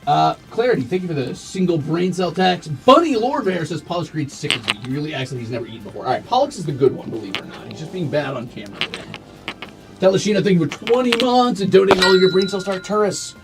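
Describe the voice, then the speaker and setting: A man's voice: sits high, expressive, fast talker, gravelly, music in the background. A young man streaming, talking to and scolding his cats in a playful, teasing way. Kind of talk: casual chat with pets on stream. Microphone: desk mic.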